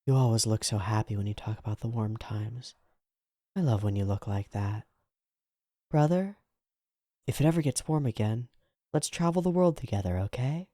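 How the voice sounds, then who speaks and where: A man's voice: lowish voice, moderate pace, pauses often, mellow, no echo, clean studio sound, natural voice. A man voicing a fifteen-year-old girl, a clingy and affectionate younger sister, read aloud from a comic.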